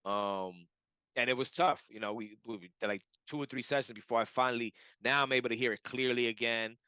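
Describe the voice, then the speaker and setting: A man telling a personal story in a casual, animated way, full of "like" and "you know". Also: medium pitch, brisk, clean tone, dry recording. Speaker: client giving a testimonial. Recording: dull lo-fi audio.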